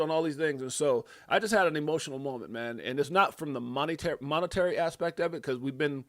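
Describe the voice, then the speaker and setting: A middle-aged man from Brooklyn hosting a live crypto market show, talking in excitable bursts with slang and lots of repeats. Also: medium pitch, brisk, hardly any pauses, no echo. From Brooklyn, USA. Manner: excitable, loud bursts of hype, slang, frequent repeats and laughs. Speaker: host.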